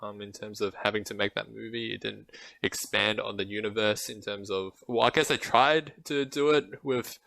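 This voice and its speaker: A man on a podcast giving his opinions on a film in a measured way, with hesitant fillers. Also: lowish voice, fairly even intonation, creaky, bright, forceful tone, dry recording. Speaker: podcast co-host. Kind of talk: casual film review chat.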